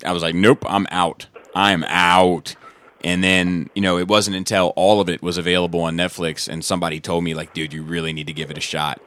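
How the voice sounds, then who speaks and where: A man's voice: low voice, flat delivery, fast, hardly any pauses, fairly bright tone. A man in casual podcast chat who talks hesitantly, with many ums and you-knows, and who asks the questions.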